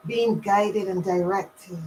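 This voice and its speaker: A woman from Barbados leading a calm, meditative invocation prayer. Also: medium pitch, takes it slowly, slight background noise, low-quality recording. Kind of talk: slow guided prayer.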